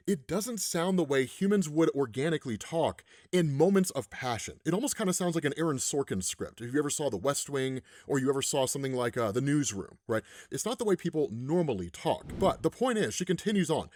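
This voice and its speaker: A man in his forties gives a casual recap of a comic and keeps dropping in "right?" asides. His pitch is a bit high and moves around a lot. The sound is dry and close to the mic. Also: animated, a little fast, darkish tone, no echo. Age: 40s. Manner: chatty, with lots of "right?" asides. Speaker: comics explainer host.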